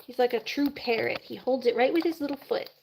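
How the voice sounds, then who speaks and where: A fairly high-pitched woman chats on a casual live stream, laughing often and slipping into baby talk with her birds. The recording carries clear background noise and bird chirps. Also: a little fast, darkish tone, rough recording.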